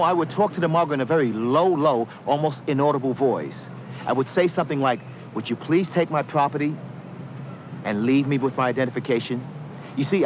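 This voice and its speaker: Calm man giving safety advice outdoors. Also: fairly high pitch. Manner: calm, measured, earnest advice. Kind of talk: direct-to-camera educational talk. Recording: dull lo-fi 1970s film sound, faint street noise.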